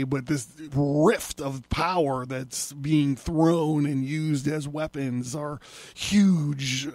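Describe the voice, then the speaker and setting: A podcast host talks through a comic book in a relaxed, unhurried way, chuckling now and then and leaning on filler words. His voice sits a bit high for a man and moves slowly. The recording is close and dry. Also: dry recording. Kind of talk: casual comic book recap.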